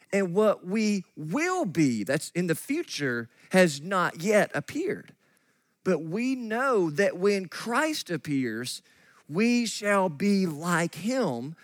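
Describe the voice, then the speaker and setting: A man preaching a sermon as pastor, animated and acting out the voices of the people in his story. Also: high-pitched, no echo. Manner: animated, acts out quoted voices of God and Gideon. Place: church sanctuary.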